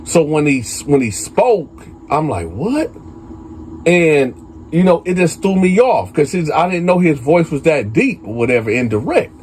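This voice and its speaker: A man's voice: fairly high pitch, expressive, normal speed, darkish tone, slight background noise. A man hosting a prison story channel, telling a story casually and talking straight to his viewers with lots of fillers. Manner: conversational, addresses viewers as y'all, many fillers. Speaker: storyteller host.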